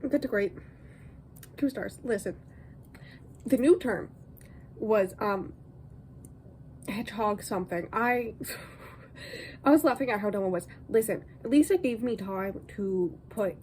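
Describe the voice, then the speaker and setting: A woman's voice: medium pitch, a little hiss or hum, poor audio. A young woman chatting casually to camera about what she watched and read this week, rambling with lots of ums and laughs. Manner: animated, jumps between topics. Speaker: reading vlogger.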